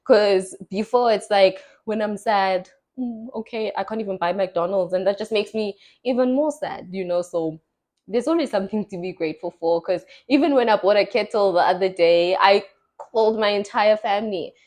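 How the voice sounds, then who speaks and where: A young South African woman hosts a podcast, her mid-range voice a little mellow and her speed normal. She tells stories in casual, chatty conversation and acts out the voices of the people she quotes.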